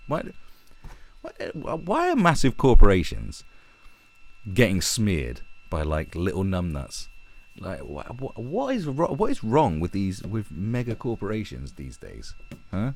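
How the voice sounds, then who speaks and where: A man's voice: on the low side, wildly swooping pitch, measured pace. A man giving a sarcastic, profane ranting commentary as an online commentator. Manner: sarcastic and profane, with mocking asides.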